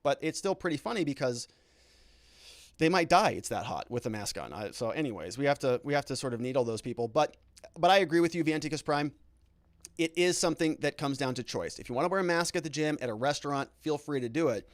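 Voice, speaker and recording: Male host, sits a bit high in pitch, dry close sound, reads chat and fires back with sarcastic outrage. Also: fast, no echo. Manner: animated, indignant, sarcastic asides. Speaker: lawyer and show host. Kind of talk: live commentary reading viewer chat.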